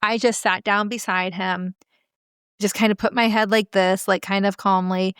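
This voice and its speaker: A woman parenting coach speaks with a smooth, clear voice in a dry, close recording. Her talk is earnest and animated, full of stories and casual filler words. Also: medium pitch, normal speed, dry recording. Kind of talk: podcast interview storytelling.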